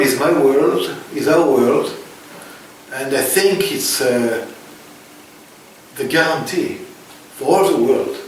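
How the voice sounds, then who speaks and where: French-accented man, emphatic and halting. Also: medium pitch, very echoey, recorded from a distance, slight background noise, poor audio. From France. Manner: halting, repeats words for emphasis. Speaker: interview guest. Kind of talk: emphatic interview answers.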